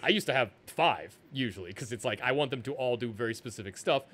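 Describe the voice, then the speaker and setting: A man's voice: medium pitch, animated, fast talker, fairly bright tone. A man co-hosting a casual tabletop gaming podcast, joking and rambling in a self-deprecating way. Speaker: podcast co-host.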